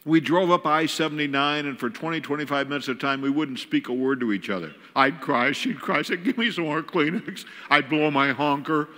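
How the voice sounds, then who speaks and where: An older man, a guest speaker, telling a humorous family story from the pulpit, animated and self-mocking as he acts out each scene. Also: fairly high pitch, a little fast, hardly any pauses. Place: large church auditorium. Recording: long hall reverb.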